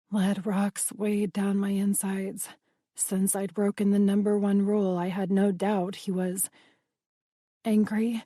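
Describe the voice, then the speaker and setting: A woman narrating a first-person audiobook in a slow, intimate way. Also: mid-range voice, little pitch movement, dark tone, dry recording, studio quality.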